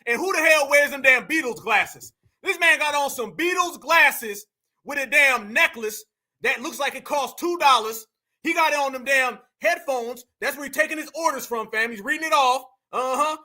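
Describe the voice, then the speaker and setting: Brash, bright, high-voiced man taunting. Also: normal speed. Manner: brash, taunting, slangy, bursts into shouts. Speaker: reaction commentator. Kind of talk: mocking reaction commentary.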